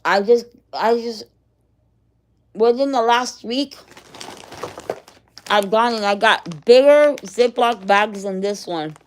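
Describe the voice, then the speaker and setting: A woman's voice: on the high side, slow, pauses often. A middle-aged woman in casual chat, rambling from one story to the next and laughing often. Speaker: vlogger.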